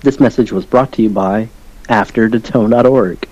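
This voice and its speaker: Goofy co-host on a dull lo-fi line. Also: male voice, lowish voice, normal speed, darkish tone. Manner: goofy, keeps repeating a slogan. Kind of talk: casual chat, joking plugs. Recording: dull lo-fi sound.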